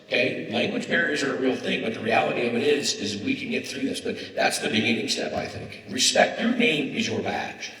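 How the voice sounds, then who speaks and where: A man from northern California, the keynote guest speaker, telling stories on stage in an animated, emphatic way. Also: medium pitch, brisk, few pauses. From Humboldt, northern California. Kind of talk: onstage conversation with an interviewer. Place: large conference hall. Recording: echoey hall, picked up from far off.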